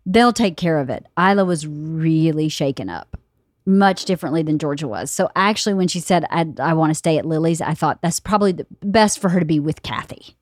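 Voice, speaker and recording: Podcast host, fifties woman, lively storyteller who laughs a lot; dry close mic. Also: deep voice, brisk, dry recording. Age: 50s. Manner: animated storyteller, laughs often, quotes others. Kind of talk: casual chat.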